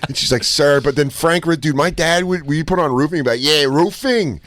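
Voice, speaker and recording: A man in casual comedic podcast chat, telling stories with lots of swearing and quick impressions. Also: a little high, no echo. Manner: animated storyteller, swearing, slips into quoted voices.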